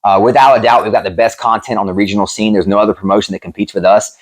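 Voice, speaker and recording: A man who promotes MMA and used to fight, telling gym stories in a casual interview, profane and animated, acting out what people said. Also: fairly low pitch, racing. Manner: animated, profane, acts out quotes.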